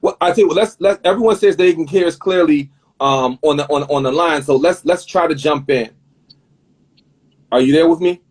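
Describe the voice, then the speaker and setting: A man's voice: fairly high pitch, moderate pace. A man hosting a live online interview over a video call, talkative and prone to repeating words as he rephrases his questions. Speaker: host. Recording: husky video-call audio that drops out.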